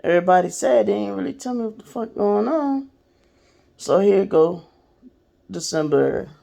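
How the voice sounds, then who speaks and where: Woman, podcast host, raspy fry in the voice, casual storytelling, blunt and swearing. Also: mid-range voice, animated, normal speed, warm tone. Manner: candid and profane, addresses listeners directly.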